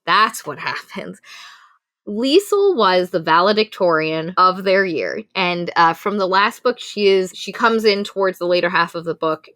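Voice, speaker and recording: A woman's voice: fairly low pitch, lively intonation, unhurried, a bit bright, no echo. A woman co-hosting a casual book review podcast, gushing and swearing freely as she recaps the story. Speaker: podcast co-host.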